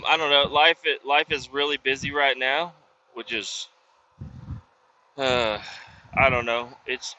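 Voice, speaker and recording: A man's voice: medium pitch, level tone, takes it slowly, long pauses, bright, forceful tone. A man who works roadside service, telling rambling, profane stories in a casual vlog. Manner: profane, loose, drifting between stories. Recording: dull lo-fi sound with faint background ambience.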